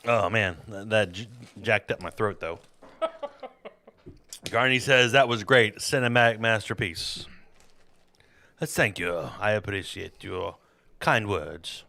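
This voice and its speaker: A man's voice: fairly low pitch, takes it slowly, gravelly, pauses often, pushed and bright. A man hosting a podcast in casual chat, rambling and jokey with a self-deprecating streak. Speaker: podcast host.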